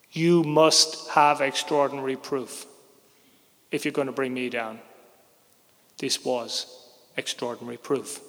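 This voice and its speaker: Man, middle-aged, gravelly voice, a bit high-pitched, candid live storytelling, reverberant hall. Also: a bit bright. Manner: candid, wry, conversational storytelling. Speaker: journalist telling a personal story. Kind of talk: live personal storytelling on stage. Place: theater stage before an audience.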